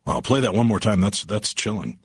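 A man's voice: fairly low pitch, a little fast, very noisy. A man hosting a late-night radio talk show, steering the talk with guests and callers.

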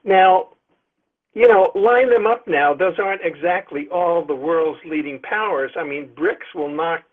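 A man's voice: on the high side, unhurried. Emphatic man on a tinny phone line. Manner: expansive, emphatic, visionary talk. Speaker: author and guest. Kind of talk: phone-in interview.

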